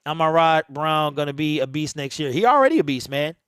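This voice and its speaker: A man's voice: fairly high pitch, expressive, a little fast, fairly bright tone, smooth, no room sound, clean studio sound. Chatty man hosting a game watch party. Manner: laid-back, chatty, answers viewers' comments. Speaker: live-stream watch party host. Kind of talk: casual live commentary over a game.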